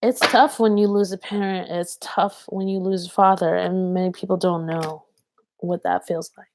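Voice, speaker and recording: A woman giving a tarot card reading to camera. She speaks earnestly and haltingly, with many fillers. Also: fairly low pitch, steady tone.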